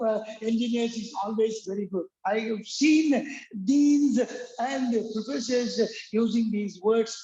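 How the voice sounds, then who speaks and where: A man teaching an English accent lesson, halting with many fillers and restarts, repeating words for drill. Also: very high voice, a little mellow, slight background noise. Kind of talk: classroom-style lecture. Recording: roomy, dull lo-fi recording.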